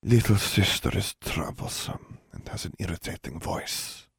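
A man voicing a mysterious, seductive woman in an audiobook, speaking slowly in a breathy half-whisper. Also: low-pitched, lively intonation, no echo, studio quality, full character voice.

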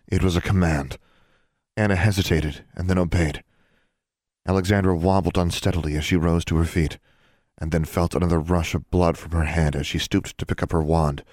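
Deep-voiced man narrating a story. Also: no echo, clean studio sound. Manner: expressive reading, voices each character. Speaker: audiobook narrator.

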